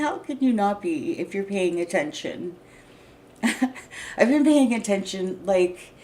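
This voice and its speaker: An agitated woman in her sixties vents to camera in a rambling monologue. She laughs between thoughts, swears freely, and restarts her sentences as she talks. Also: mid-range voice. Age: 60s. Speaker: vlogger. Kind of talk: unscripted venting monologue.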